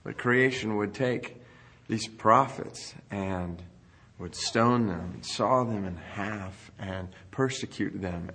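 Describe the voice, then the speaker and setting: A man delivers a sermon in a low, husky voice. He speaks earnestly and builds intensity as he goes. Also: fairly bright tone. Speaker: preacher.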